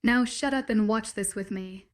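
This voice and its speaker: A woman's voice: medium pitch, moderate pace, close to an everyday voice. A woman voicing a teasing young male werewolf pack leader in an audiobook romance, cocky and firm.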